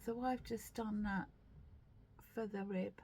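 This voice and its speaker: A woman's voice: medium pitch, fairly even intonation, slow, darkish tone, breathy edge. A woman hosting a knitting video podcast, chatting casually and rambling to camera with lots of ums and self-deprecating asides, sometimes stepping back from the mic.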